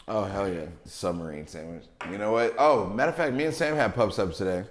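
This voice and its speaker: A man's voice: fairly low pitch, expressive, brisk, a little hiss or hum. Laid-back slangy man in an echoey room. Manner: laid-back slangy banter, laughs often. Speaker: podcast co-host. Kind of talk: casual chat. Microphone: livestream mic.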